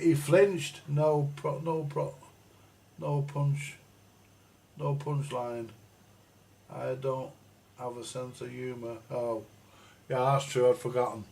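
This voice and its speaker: A man's voice: medium pitch, slow, creaky, pauses often, dark tone. A man hosting a live chat, telling a long, rambling, profanity-heavy story from his school days with many restarts and asides. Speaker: livestream host.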